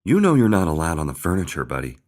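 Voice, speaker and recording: A man's voice: medium pitch, very animated, a little fast, a little mellow, voice pushed up. A man voicing an exasperated mother who scolds. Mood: scolding.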